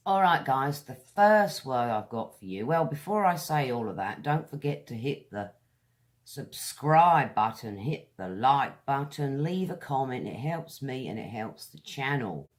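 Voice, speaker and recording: A British woman leads a pronunciation lesson at an unhurried pace. She draws each word out slowly and clearly. She speaks straight to her viewers in a friendly, direct way. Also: extremely low pitch, very animated. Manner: slow, deliberate, drawn-out words. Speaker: English teacher.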